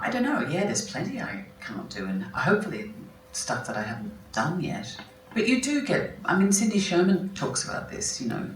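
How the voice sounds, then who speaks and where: In a large hall at a festival talk, a film actress with a very deep voice answers interview questions onstage as a guest, thoughtfully, often breaking off to restart or correct herself mid-sentence. Slight background noise is present, and the distant mic gives a roomy sound with faint ambience.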